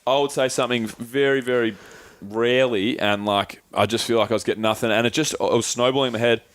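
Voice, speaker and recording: A man's voice: medium pitch, steady tone, fast, a bit bright, no echo. A young man co-hosting a podcast, telling a personal story in casual chat, swearing freely and acting out his friends' voices. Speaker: podcast co-host.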